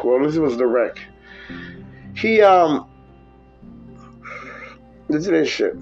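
A man telling rambling, profane stories from his driving work in a casual podcast chat, jumping into a high voice when quoting people. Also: darkish tone, lo-fi sound. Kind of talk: casual storytelling.

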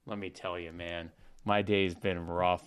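A man putting on a low, deadpan, halting comedian voice to tell a rambling joke about being teased. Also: clear, resonant tone. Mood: aggrieved deadpan. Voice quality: deadpan, drawling, halting with restarts. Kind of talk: comedian impression bit.

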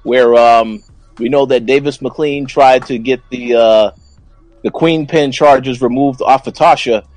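A man's voice: medium pitch, a little slow, no room sound, soft background music, poor audio. A man co-hosting a casual TV recap podcast, breaking down scenes with frequent stammering restarts. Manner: stammering restarts, animated analysis. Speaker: podcast co-host.

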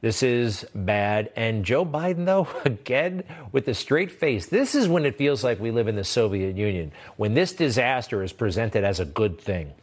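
A man's voice: lowish voice, sing-song, moderate pace, few pauses. Scornful male commentary host. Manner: mocking, scornful, chuckling asides. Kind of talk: opinionated commentary.

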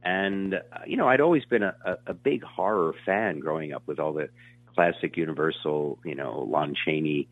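Deep-voiced older man on a phone line. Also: normal speed, dry recording. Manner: rambling, animated, many fillers and restarts. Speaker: actor being interviewed. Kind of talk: casual storytelling interview.

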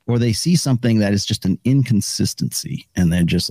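Man, podcast host, low voice, husky, rambling casual talk, dry close sound. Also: lively intonation, brisk, warm tone, no room sound. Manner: rambling, acts out quoted voices. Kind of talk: casual conversation.

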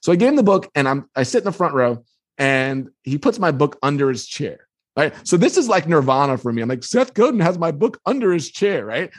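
A man, an author being interviewed, telling a story with energy and quoting others in lively voices. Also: fairly high pitch, a little fast. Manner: quotes others in lively put-on tones. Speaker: author and guest. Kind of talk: animated storytelling.

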